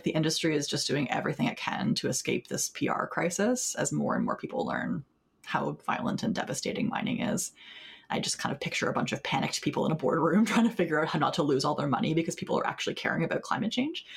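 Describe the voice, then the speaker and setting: A woman's voice: deep voice, vocal fry, slightly rough. A woman organizer giving casual interview answers, full of fillers and wry laughter. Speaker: mining justice organizer.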